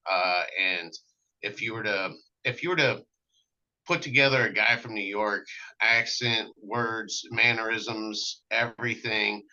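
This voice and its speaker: Man guest, storyteller, very bright tense voice, dull lo-fi sound, lots of ums and restarts. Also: on the low side, unhurried. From American Midwest. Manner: animated anecdotes with many fillers and restarts. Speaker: cigar maker, guest. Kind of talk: casual storytelling interview.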